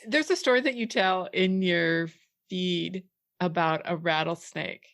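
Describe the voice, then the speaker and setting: A woman hosting a podcast interview, relaxed and a little hesitant as she sets up questions. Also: lowish voice, a little slow. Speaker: podcast host. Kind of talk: casual interview chat.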